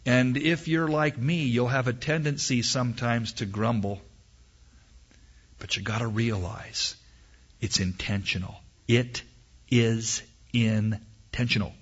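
A husky-voiced male preacher tells a lively story from the pulpit, acting out the sounds and swinging his pitch up and down. His delivery is slow and deliberate between the bursts. The recording is dull and lo-fi. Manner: animated, acts out sounds and voices. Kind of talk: sermon storytelling.

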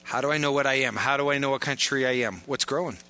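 Bright-voiced man preaching a sermon. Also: mid-range voice, fast talker. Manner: informal, joking asides, emphatic repetition. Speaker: pastor.

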